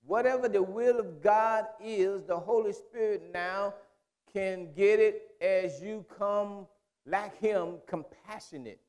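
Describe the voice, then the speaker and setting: High-voiced preacher. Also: male voice, slow pace, a little mellow. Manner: repetitive, conversational preaching with restarts. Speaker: pastor. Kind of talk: sermon.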